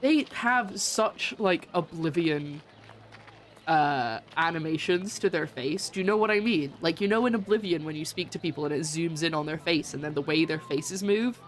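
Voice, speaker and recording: A woman with a deep voice chats casually and giggles while playing a game on stream, speaking at a normal speed over slight background noise. She comes across as chatty, giggly and self-mocking.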